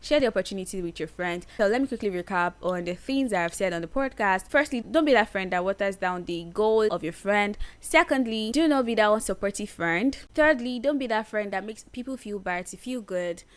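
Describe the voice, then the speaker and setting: A woman's voice: mid-range voice, lively intonation, fairly quick, hardly any pauses. A woman hosting a solo advice podcast, speaking earnestly and stressing her points by repeating phrases. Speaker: podcast host.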